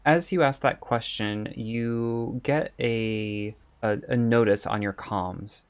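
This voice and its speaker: A game master narrating a tabletop game and prompting the players in a relaxed way. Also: mid-range voice, slow, clean tone.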